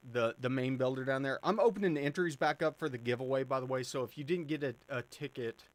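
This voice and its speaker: Talking fast in a medium-pitched voice with no room sound, a man on a live stream casually fields viewer questions. He leans on fillers and frequently starts over.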